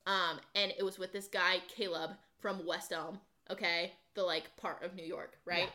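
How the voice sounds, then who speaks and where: A young woman in her twenties co-hosts a casual podcast chat, her voice bright and forceful. She rambles through stories with plenty of "like" fillers and acts out the quotes herself. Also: on the low side, flat delivery, moderate pace. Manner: chatty storyteller, many "like" fillers, acts out quotes. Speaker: podcast co-host.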